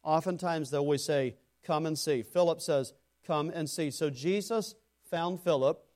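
Fervent male preacher, rising and falling. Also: a little slow. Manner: preaching with rising emphasis, then dropping soft and low; speaks to congregation members by name. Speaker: pastor. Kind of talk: sermon.

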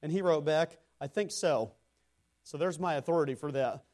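A man preaching a sermon in a fairly high voice. He climbs into loud, emphatic lines, then sinks into hushed, low-pitched asides. He talks straight to people in the pews, calling some by name. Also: normal speed. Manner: speaks to congregation members by name. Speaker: pastor.

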